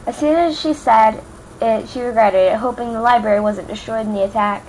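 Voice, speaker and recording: A woman's voice: a little high, brisk, a little mellow, a little hiss or hum, poor audio. A young woman from Louisiana casually reading fan fiction aloud, stumbling, rereading words and adding chatty asides. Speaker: amateur reader.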